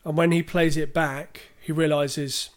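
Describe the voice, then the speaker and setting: Rambling man with a high voice. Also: level tone, unhurried. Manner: rambling, hesitant with fillers and restarts. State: clearing his throat. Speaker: podcast co-host. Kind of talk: casual film discussion.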